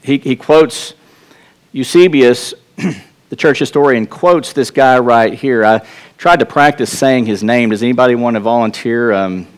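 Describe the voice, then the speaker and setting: A man's voice: medium pitch, unhurried, clean tone. A man with a Texas accent preaching a sermon in a church, earnest and conversational, with restarts and asides to the congregation. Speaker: pastor.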